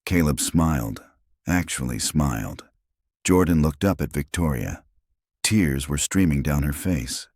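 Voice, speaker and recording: A man narrating a scripted drama story in a measured storytelling way. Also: rumbling low, expressive, a little mellow, no room sound, clean studio sound.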